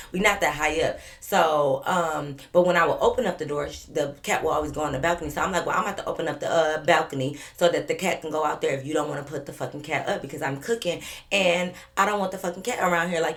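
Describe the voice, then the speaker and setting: A woman's voice: low voice, a bit bright. A young woman in a casual storytime vlog, chatty and emphatic, swearing freely as she talks to her viewers. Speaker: vlogger telling a story.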